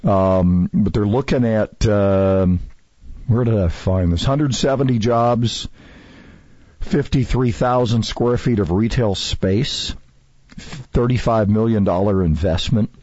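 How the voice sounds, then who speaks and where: A man's voice: fairly low pitch, slow pace, a little mellow, no echo. A man hosting a radio talk show, chatting casually in a rambling, hesitant way with chuckles. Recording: dull radio audio.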